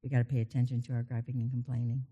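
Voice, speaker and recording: A woman's voice: a bass voice, very fast, slightly rough, narrow, tinny audio. Chatty middle-aged woman preaching. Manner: chatty, animated asides and personal stories. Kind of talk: conversational sermon.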